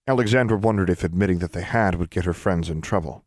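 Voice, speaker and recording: Low-voiced male audiobook narrator. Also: fast talker, few pauses, dry recording, studio quality. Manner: expressive storytelling. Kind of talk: scripted narration.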